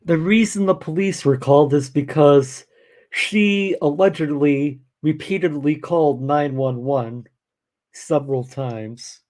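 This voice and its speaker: Slow-speaking male streamer. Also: on the high side, darkish tone. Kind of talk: live reaction commentary.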